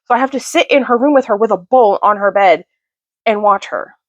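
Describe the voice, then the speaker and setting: A woman in her thirties, a mother and book vlogger, chatting casually at home on the couch and retelling a story in a rambling, animated way. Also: medium pitch, brisk, no echo. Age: 30s. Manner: animated, rambling storyteller who acts out quotes. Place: home, sitting on a couch beside her sleeping son. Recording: dull, dry home recording.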